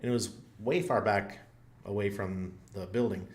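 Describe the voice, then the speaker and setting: A man's voice: on the low side, steady tone, normal speed, a little mellow. A man hosting his own channel, rambling through a funny story in a casual, self-mocking way with frequent laughs. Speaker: channel host. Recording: roomy echo.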